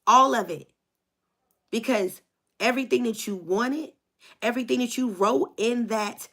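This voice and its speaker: A woman's voice: on the high side, creaky. A woman doing a spiritual tarot reading for her viewers, preaching with rhythmic repetition and a hyped, encouraging manner. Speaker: tarot reader.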